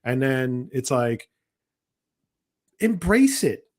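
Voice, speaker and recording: A man's voice: mid-range voice, big pitch swings, very slow, a little mellow. A man co-hosting a podcast in casual chat, ranting heatedly with profanity and exasperation. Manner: often mimics other people's voices. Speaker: podcast co-host.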